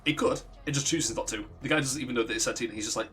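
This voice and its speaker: A man's voice: medium pitch, rapid-fire, a bit bright, soft background music. Rambling, profane young man streamer. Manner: rambling, profane, self-interrupting. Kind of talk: casual storytelling on a livestream.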